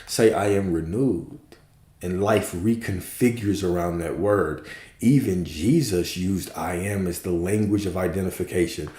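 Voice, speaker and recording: A man's voice: sits low, unhurried, dark tone, roomy sound. A man giving a spiritual teaching talk as a coach, emphatic and preachy, with casual profane asides.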